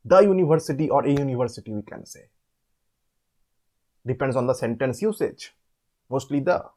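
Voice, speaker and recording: A man explaining an assignment step by step. He asks questions and answers them himself, and repeats words slowly to show how they are said. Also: medium pitch, expressive, a little mellow. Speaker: online tutor.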